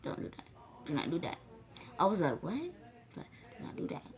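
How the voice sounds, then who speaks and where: A woman's voice: sits low, animated, brisk, a little mellow. A woman vlogger rambling through a casual storytime, acting out the voices of the people in it. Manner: rambling, acts out quoted voices.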